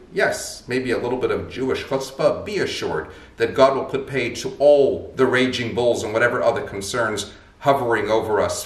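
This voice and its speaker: A man, a rabbi, giving a short sermon in an emphatic, rhetorical style. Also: medium pitch. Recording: roomy, mic at a distance.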